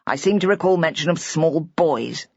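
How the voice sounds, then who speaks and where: A woman voicing a whimsical, good-humoured older father who drawls and gently teases. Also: low voice, moderate pace, breathy edge, no room sound. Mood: teasing. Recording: dull, dry lo-fi audiobook recording.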